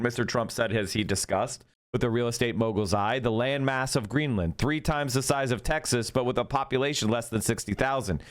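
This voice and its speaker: A man hosting a stream, reading news aloud and ranting sarcastically in casual political commentary, with some swearing. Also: mid-range voice. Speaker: streamer host.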